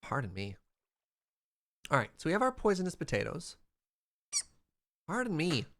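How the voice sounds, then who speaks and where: A young man from Western Canada chatting casually while streaming a game, quick to laugh and reading out chat. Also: fairly high pitch, wildly swooping pitch, creaky, fairly bright tone, a little hiss or hum. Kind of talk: casual gameplay livestream chat.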